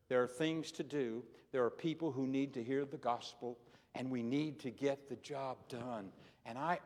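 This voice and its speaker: A man's voice: mid-range voice, a little mellow. Older male preacher in a reverberant hall. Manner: earnest storytelling with repeated words. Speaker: retired pastor preaching. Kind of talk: sermon with personal anecdotes. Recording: long reverb of a large hall.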